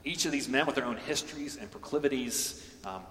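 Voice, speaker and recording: A man giving a measured, earnest sermon in a large hall, with frequent ums and uhs. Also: medium pitch, pushed and bright, slight background noise. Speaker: chapel speaker. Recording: roomy hall from a distance.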